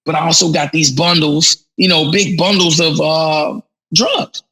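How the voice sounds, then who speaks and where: Man, podcast guest, casual storytelling, husky, higher pitch. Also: measured pace, low-quality recording. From Chicago. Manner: animated, slangy, frequent restarts.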